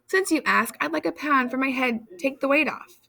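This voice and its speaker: Cocky impatient young strongman, put on by a woman, storybook reading, high, loud, gravelly. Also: normal speed, heavily acted.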